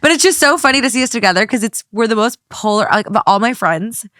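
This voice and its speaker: A woman's voice: fairly high pitch, animated, fast talker, a bit bright, no echo, studio quality. A woman co-hosting a podcast in casual chat, upbeat and reassuring. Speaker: guest co-host.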